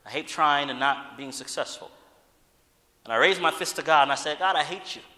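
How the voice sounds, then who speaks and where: A man preaching a sermon, moving from loud urgent appeals to quiet personal storytelling. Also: medium pitch, moderate pace. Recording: long reverb of a large hall.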